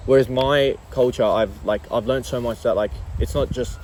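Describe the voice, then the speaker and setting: A young man from Iran, telling stories in a laid-back, animated way with casual slang during an outdoor interview. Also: mid-range voice, normal speed, very noisy. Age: young adult.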